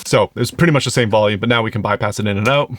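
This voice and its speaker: A man's voice: lowish voice, very fast, over loud music. A man reviewing an audio plugin in a casual, explanatory tutorial, thinking aloud as he goes. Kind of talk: casual screen-recorded tutorial.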